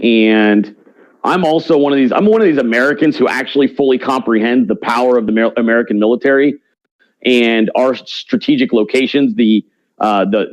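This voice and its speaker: A man's voice: medium pitch, a little mellow, no room sound, rough recording. A man talking as an interview guest in a blunt, brash, slangy way. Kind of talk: casual interview talk.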